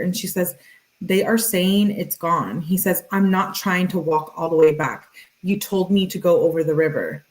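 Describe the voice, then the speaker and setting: A woman hosting a true-crime video, reading text messages aloud in a flat, matter-of-fact voice with casual asides. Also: lowish voice, rough recording.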